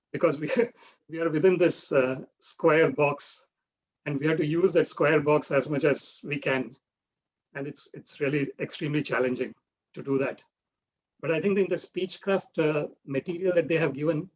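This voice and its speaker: A man's voice: a little high, a little mellow, slight background noise. A man leading an online public speaking workshop, explaining step by step and often checking in with "right?". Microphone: video call. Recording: dull lo-fi video call audio.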